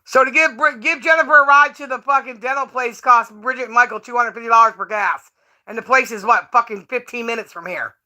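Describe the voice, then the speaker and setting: A woman's voice: fairly high pitch, brisk, sharp tone. A woman streamer who rants with profane, scornful commentary. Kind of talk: ranting live stream commentary.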